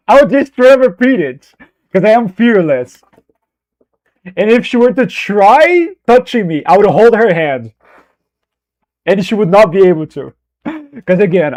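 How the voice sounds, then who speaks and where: Loose, profane young streamer, slightly higher voice. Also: male voice, sing-song, moderate pace, pauses often, darkish tone. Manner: loose and profane, joking, reacting to chat. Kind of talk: casual livestream chat.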